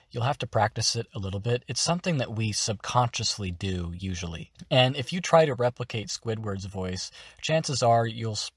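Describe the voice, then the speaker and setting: A man's voice: lowish voice, husky, no room sound, clean studio sound. A man hosting a voice-acting tutorial, explaining steps in an upbeat, encouraging way. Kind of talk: instructional narration.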